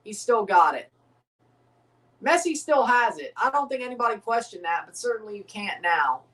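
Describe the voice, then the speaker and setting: A woman's voice: on the high side, animated, normal speed, a bit bright, recorded from a distance, rough recording. A woman hosting a live watchalong stream, rambling and joking in casual commentary while reading out viewer chat. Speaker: livestream host.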